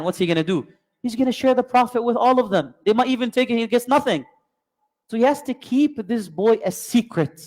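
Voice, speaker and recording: High-voiced man teaching in a hall. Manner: asks many rhetorical questions, dramatic storyteller; mixes in Arabic terms. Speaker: Islamic teacher. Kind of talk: storytelling religious lesson. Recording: long hall reverb.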